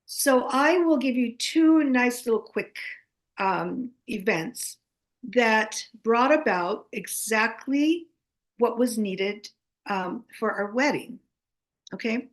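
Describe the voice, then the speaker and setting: An American woman in her seventies tells a story as a guest author. Her voice sits a little high, and she talks in an animated, chatty way. She keeps checking in with her listener by asking "okay?". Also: takes it slowly. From United States.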